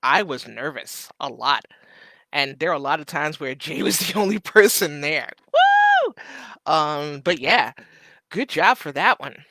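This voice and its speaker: A man's voice: fairly high pitch, animated, measured pace, bright, forceful tone, dry recording, clean studio sound. A man hosting a casual live stream, reading viewers' messages aloud and answering with joking asides.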